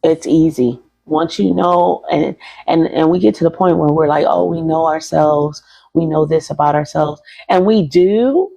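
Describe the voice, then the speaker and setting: A co-host jumping into a casual chat with loud, reassuring interjections and a gravelly voice. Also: mid-range voice, measured pace, low-quality recording.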